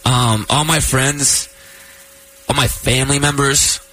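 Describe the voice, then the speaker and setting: A man's voice: mid-range voice, fairly even intonation, slow, sharp tone, low-quality recording. A man in his thirties, a radio host, telling a personal story in casual chat, choking up and laughing through tears.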